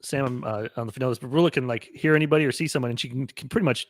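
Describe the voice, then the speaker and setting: A man's voice: mid-range voice, rapid-fire, no room sound, studio quality. A man co-hosting a radio show, chatting eagerly with his co-hosts. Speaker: radio co-host. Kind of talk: casual chat.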